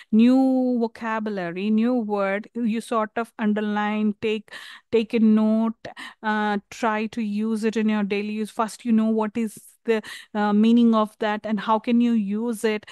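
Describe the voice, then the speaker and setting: A woman from India with an Indian English accent, giving a university lecture on English communication skills, pausing often with fillers and restarts. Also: on the high side, a little mellow, clear, resonant tone, no room sound. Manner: hesitant, many fillers and restarts.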